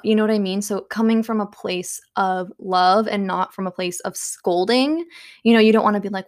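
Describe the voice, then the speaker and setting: A woman's voice: mid-range voice, fairly even intonation, fairly quick. Chatty young woman, casual self-help talk. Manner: chatty, filler-heavy, frequent soft laughs. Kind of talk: casual monologue. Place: at home.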